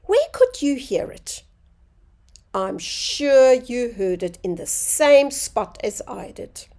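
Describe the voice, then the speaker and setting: A woman teaching a phonics lesson to young children, sounding out words slowly and clearly. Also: fairly high pitch, sing-song, dark tone.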